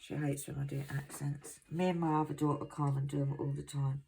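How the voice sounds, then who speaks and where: A middle-aged woman from England chatting casually to her viewers at home, self-mocking and quick to laugh. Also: low-pitched, flat delivery, gravelly, dark tone, slight background noise. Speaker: craft vlogger.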